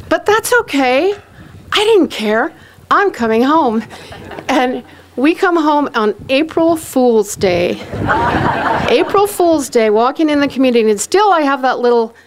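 A woman with a fairly high voice tells her own story. She acts out the people in it, and laughter slips into her words again and again. Her delivery stays lively and personal. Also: unhurried, a little hiss or hum. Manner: animated, acts out quoted voices; often laughs while talking.

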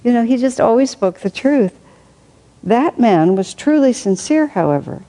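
A woman reading aloud from a spiritual book and adding her own reflective commentary, thinking aloud with soft laughs. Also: a little high, animated, moderate pace, low-quality recording.

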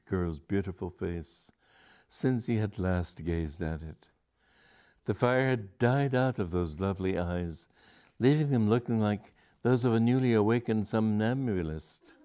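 A man's voice: lowish voice, warm tone. A man reading a comic story aloud, amused and chuckling, with occasional stumbles. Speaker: reader.

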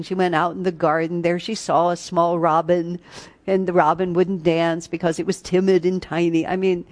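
In this spiritual class talk, a woman at a retreat tells stories, laughs, and sings brief snatches. Her lowish voice has little pitch movement, and she talks at a normal speed with few pauses.

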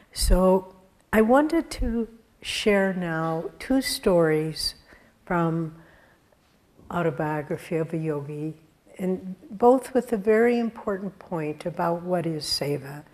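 A woman with a fairly low voice gives a sermon-style talk, unhurried and deliberate. She tells spiritual stories earnestly and warmly, with the odd soft laugh. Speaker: spiritual teacher giving a talk.

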